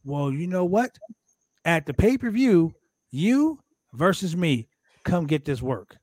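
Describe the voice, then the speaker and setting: A man hosting a casual wrestling recap show, talking in an animated, profane way and acting out quotes from the show. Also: fairly high pitch, slow, dry recording. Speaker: podcast host recapping wrestling.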